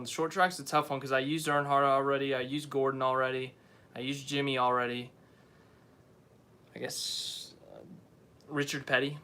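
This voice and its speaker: Young guy chatting on a live stream, bright punchy voice, keeps second-guessing himself. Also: mid-range voice. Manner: rambling, unsure, self-correcting. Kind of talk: casual live stream chat.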